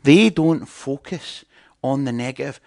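A man's voice: medium pitch, measured pace, vocal fry, a little mellow, no room sound, studio quality. A man preaching in a conversational teaching style, chatting and putting questions to his audience.

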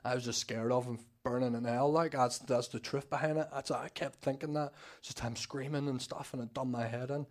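Nervous Northern Irish man, flat-toned testimony. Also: medium pitch, fairly quick. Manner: rambling, many fillers and restarts, acts out quoted talk. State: a bit nervous. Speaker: church member giving testimony. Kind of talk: personal testimony at a church service. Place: church service.

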